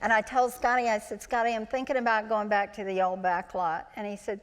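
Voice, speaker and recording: A woman's voice: medium pitch, a little fast, few pauses. Woman in her sixties telling stories in a hall. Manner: chatty, animated, acts out quoted voices. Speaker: interview guest, former child actor. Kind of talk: anecdotal storytelling on stage. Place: large auditorium, live event. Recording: live hall with long reverb.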